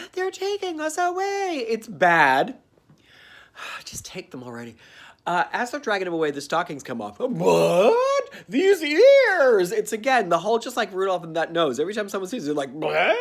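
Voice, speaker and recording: A man giving a campy, sarcastic comedic recap of a cartoon, dropping into quick character voices. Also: on the high side, fairly bright tone. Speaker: comedic reviewer.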